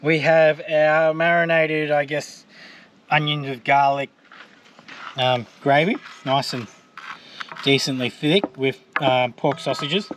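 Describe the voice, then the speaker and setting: A man's voice: a little high, fairly even intonation, takes it slowly, a bit bright, slight background noise. An Australian man chatting casually as he cooks for his vlog, loose and joking, with plenty of fillers. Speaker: vlogger cooking on camera. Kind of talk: casual cooking vlog chat.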